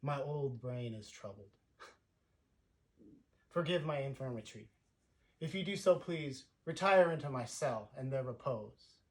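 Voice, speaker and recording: An old, troubled sorcerer speaks slowly and solemnly, played by a man. His delivery is measured and swells now and then into loud outbursts. The voice sits in a middle register. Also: medium pitch, lively intonation. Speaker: actor performing a monologue. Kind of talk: theatrical monologue.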